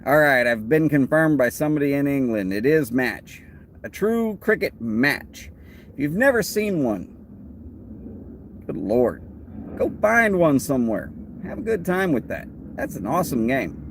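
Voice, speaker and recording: This live-stream host, a man with a Texan accent, rambles casually and takes questions from his viewers' comments. His medium-pitched voice is very animated and a little slow. A faint hiss or hum is present.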